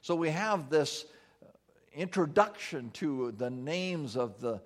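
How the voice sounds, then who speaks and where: A man preaching a sermon as pastor, earnest, slowing down for emphasis and dropping soft and low when he prays. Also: expressive.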